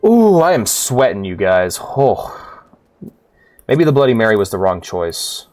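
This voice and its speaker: A young man giving casual, excitable gameplay commentary, swearing freely and laughing often. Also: lowish voice, unhurried. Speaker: streamer.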